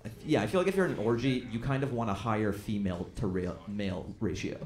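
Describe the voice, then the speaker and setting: A man performing a stand-up comedy set on a club stage, talking conversationally and jumping into loud acted-out quotes for punchlines. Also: fairly low pitch, fast talker. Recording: echoey club room with crowd noise. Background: audience laughter.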